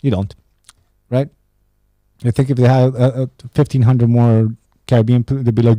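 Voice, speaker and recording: A man rants on his own podcast, swearing freely and mocking his listeners with heavy sarcasm. His voice is dark and mellow. The sound is close and dry, with no room around it. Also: medium pitch, little pitch movement, moderate pace, long pauses, no room sound. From Romania. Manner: profane, sarcastic ranting. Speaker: podcast host. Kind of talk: casual solo podcast rant.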